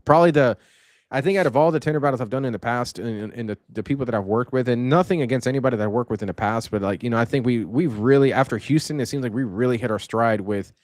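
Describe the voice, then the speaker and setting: A male podcast host rambles through a casual chat, circling back and restarting his sentences. His voice sits at an ordinary middle pitch. The sound is close and dry. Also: fast talker, no room sound. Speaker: podcast host and event organizer.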